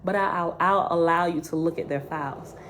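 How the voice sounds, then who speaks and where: A woman quoting a calm, stern male angel guide in a quiet, measured, firm voice. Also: on the low side, slight background noise, close to an everyday voice.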